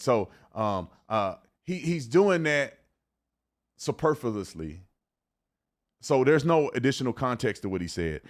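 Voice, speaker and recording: A man's voice: medium pitch, animated, normal speed. A man hosting a commentary show who talks emphatically, often stumbling and repeating his words. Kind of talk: casual commentary.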